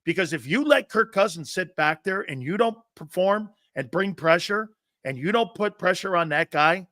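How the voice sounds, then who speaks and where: A man hosts a sports talk show, pressing his guest with pointed questions and quoting numbers. His voice is high and bright, and it sounds close and dry, with no room echo. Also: animated, normal speed. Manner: asks pointed questions, cites stats. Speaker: show host.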